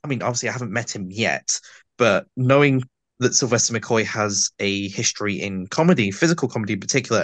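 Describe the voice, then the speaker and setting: A man with a slight lisp talks in a casual interview, unfolding long and detailed explanations. His voice sits at an ordinary middle pitch. The recording is close and dry, with no room sound. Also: a bit bright, no room sound. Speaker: audio drama actor, guest.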